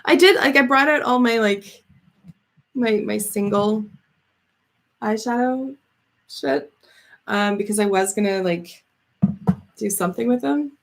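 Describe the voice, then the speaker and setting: A woman's voice: on the high side, unhurried, creaky, pauses often. A woman in her thirties from Canada chatting casually with live viewers, swearing freely, laughing often and reading out their comments. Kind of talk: casual livestream chat.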